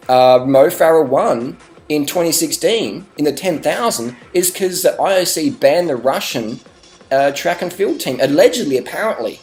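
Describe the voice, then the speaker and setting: An Australian man vlogging a rambling, deadpan sarcastic rant, swearing now and then. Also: medium pitch, fairly quick, soft background music.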